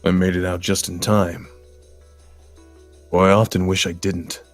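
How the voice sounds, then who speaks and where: A man's voice: deep voice, little pitch movement, a little slow, soft background music. A man reading a horror story aloud in a grim, bitter, world-weary voice, then chatting casually with his co-hosts. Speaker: guest storyteller.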